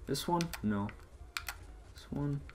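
Profane, excitable man narrating gameplay. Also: a little high, slow pace, background noise. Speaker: let's play gamer. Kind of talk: casual gaming commentary.

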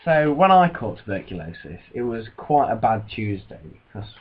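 A man's voice: on the low side, very animated, moderate pace. A man co-hosting a comedy podcast, often mock-exasperated with his co-hosts in casual banter. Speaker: podcast co-host. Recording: dull lo-fi podcast audio.

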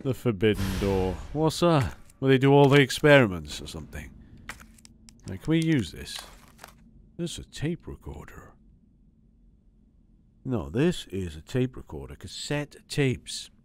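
A man giving gameplay commentary as a let's play host; he is excitable and jokey and swears a lot. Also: mid-range voice, unhurried, pauses often, slight background noise.

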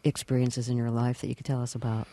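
A man's voice: medium pitch, flat delivery, fast talker, dark tone, no room sound, clean studio sound. A man interviewing, asking long, hesitant questions.

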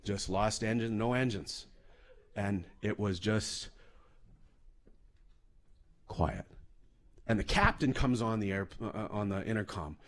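A man from Canada, a comedian giving a comedic storytelling talk in a loose, profane, animated way. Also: fairly low pitch, takes it slowly, long pauses. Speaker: comedian and speaker.

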